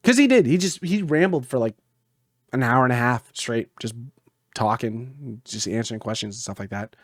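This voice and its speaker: A man's voice: medium pitch, normal speed, no room sound, clean studio sound. A young man on a podcast, casually telling a long story and acting out what people said. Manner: animated storyteller, acts out quotes, laughs often. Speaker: podcast co-host.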